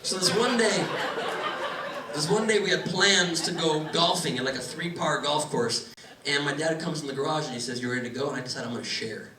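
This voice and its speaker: A young man telling a stand-up story on a club stage, animated and building to loud punchlines. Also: fairly high pitch, normal speed, noisy background. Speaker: stand-up comedian. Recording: echoey club from a distant mic, loud crowd. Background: audience laughter.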